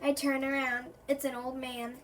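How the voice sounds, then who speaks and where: A woman's voice: high-pitched, flat delivery, moderate pace, a bit bright, slight background noise. A woman reading a children's chapter book aloud, narrating in the first person. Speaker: reader.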